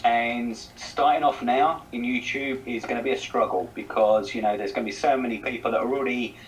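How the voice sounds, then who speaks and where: A chatty man with a South East English accent, answering as a guest in a relaxed conversation. His voice sits a little away from the mic, with a faint hiss underneath, and his pitch is mid-range for a man. He rambles and repeats words as he goes. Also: brisk, distant mic, rough recording. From South East England. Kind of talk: casual chat.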